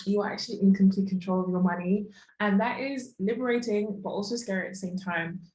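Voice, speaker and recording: A woman's voice: mid-range voice, fast talker, darkish tone, roomy sound, rough recording. A young woman in her twenties teaching an online course lesson in a chatty, casual way, with lots of fillers and asides. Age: young adult.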